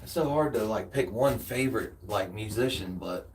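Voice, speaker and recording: A man's voice: on the low side, moderate pace, darkish tone. A man with a Southern US accent chatting casually with viewers, laid-back and slangy, tired after a workout. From United States. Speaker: streamer. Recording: distant from the mic.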